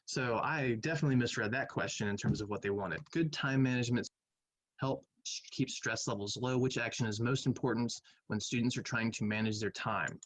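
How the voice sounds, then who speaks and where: A man's voice: mid-range voice, fairly quick, poor audio. A man who teaches math, casually reviewing quiz answers in a recorded lecture, thinking aloud and humming between questions.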